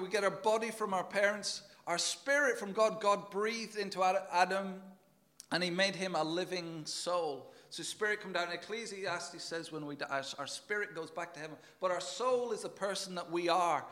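A man's voice: high-pitched, normal speed, sharp tone. A man preaching a sermon in an earnest, emphatic way, often repeating words as he goes.

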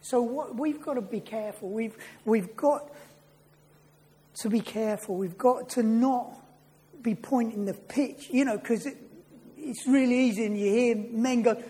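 Earnest male preacher, mellow tone, keeps questioning the congregation. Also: extremely high pitch, measured pace. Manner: earnest, asks the listeners many questions. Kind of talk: sermon.

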